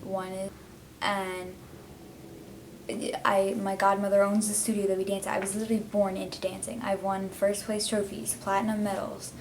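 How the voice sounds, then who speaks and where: A woman's voice: medium pitch, completely flat delivery, moderate pace, slight background noise, poor audio. A teenage girl vlogging casually and heartfelt, rambling with lots of fillers as she talks. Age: teens. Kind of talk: casual confessional vlog.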